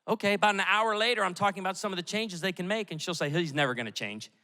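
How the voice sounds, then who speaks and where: A middle-aged male pastor preaching a sermon, telling stories in an animated way with quick asides. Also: high-pitched. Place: church auditorium. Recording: echoey hall with long reverb.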